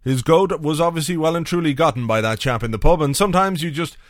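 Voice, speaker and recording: A man's voice: fairly high pitch, fast, no echo. A man hosting a football podcast in a chatty, wry manner with dry asides. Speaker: podcast host. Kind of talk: casual football podcast commentary.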